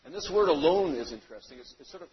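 A male preacher delivers a sermon, pushing hard on key words and then letting his sentences fall away softly. The sound is a little muffled, like an older low-fidelity recording. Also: expressive, racing, slight background noise. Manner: emphatic, swings between loud stresses and quiet trailing phrases. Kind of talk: sermon with scripture reading. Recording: dull lo-fi sound.

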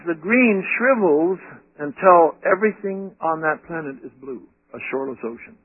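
A man with a slightly high, husky voice preaches a sermon. He keeps asking his listeners rhetorical questions in an animated way. The sound is thin and tinny, like an old radio broadcast, with a dry close mic. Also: normal speed, no echo.

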